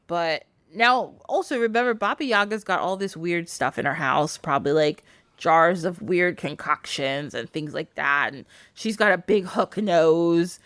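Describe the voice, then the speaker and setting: A woman's voice: on the low side, unhurried, fairly bright tone, no echo. A woman casually retelling a folktale on a podcast, chatty and laughing often. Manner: chatty, laughing, filler 'like'. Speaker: podcast storyteller.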